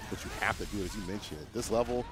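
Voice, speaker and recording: A man co-hosting a fighting game watch party in a laid-back, slangy way, with animated reactions. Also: lowish voice, rapid-fire. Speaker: co-host commentator. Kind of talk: casual fighting game co-commentary. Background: music.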